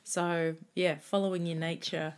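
Chatty woman, low-pitched. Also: little pitch movement, a little slow, smooth. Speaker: Chinese medicine practitioner co-host. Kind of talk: casual podcast chat.

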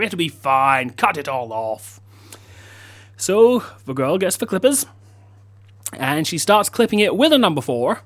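A man's voice: sits high, no echo, studio quality. A man hosting a comedy show, telling a story with self-mocking asides. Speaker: host. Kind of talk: comedic storytelling and news segment.

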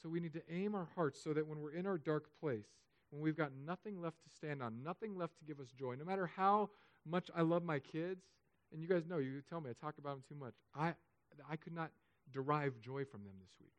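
A man preaching a sermon as pastor, emotional, swinging between loud urging and soft, hushed stretches. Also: a little high, a little fast, no echo, muffled recording.

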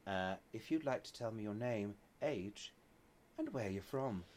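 A host chats in a low-pitched voice, playful and meandering as he asks questions. He laughs easily between thoughts. A faint room hiss sits under the recording. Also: lively intonation, unhurried, darkish tone. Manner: playful, rambling, laughs often. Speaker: podcast host. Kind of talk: casual interview chat. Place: theatre dressing room.

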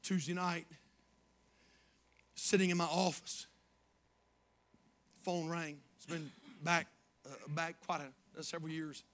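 A man preaching a sermon as pastor, moving from quiet storytelling to shouted praise. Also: on the high side, flat delivery, slow pace, pauses often.

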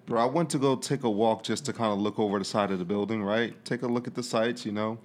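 A man's voice: fairly low pitch, steady tone, fast talker. A man animatedly telling a story in casual podcast chat, laughing through it.

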